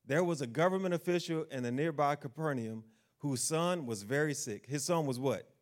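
A man's voice: fairly high pitch, normal speed. A man preaching a sermon, asking the congregation questions and acting out the figures of the Bible story in quotes.

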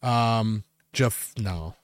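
A young man telling rambling, jokey stories on a casual podcast, laughing often and putting on loud silly voices. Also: fairly low pitch, drawn-out words, no echo, clean studio sound. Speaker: podcast host. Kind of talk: casual podcast chat, storytelling.

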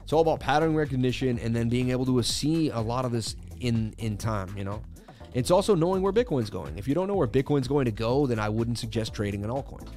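A man's voice: medium pitch, lively intonation, fast, darkish tone, soft background music. A man hosting a live crypto chart stream, chatting casually and joking with viewers in slangy speech. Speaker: crypto chart analysis livestream host. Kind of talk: casual live market commentary.

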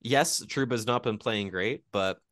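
A man's voice: lowish voice, measured pace, fairly bright tone, no echo. Male podcast co-host leading the talk, dry sound. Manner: leads the discussion, asks the others questions. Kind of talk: casual sports chat.

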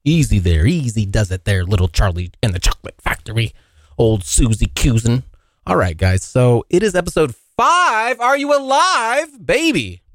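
Lively, swearing young-sounding man podcasting. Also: normal speed, dry recording, studio quality. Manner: animated, swearing, jokey, yelps into high voices. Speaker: podcast host. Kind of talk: casual solo podcast chat. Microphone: hot close mic.

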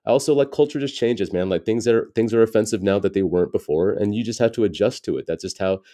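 Deep-voiced American man, candid storyteller. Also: fast, mellow. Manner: candid, reflective storytelling with frequent "you know". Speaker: stand-up comedian, guest. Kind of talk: casual interview conversation.

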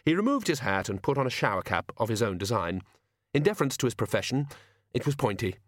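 A man narrating a comic fantasy audiobook in a wry, expressive storytelling manner. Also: mid-range voice, fast, dry recording, clean studio sound. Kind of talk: scripted narration.

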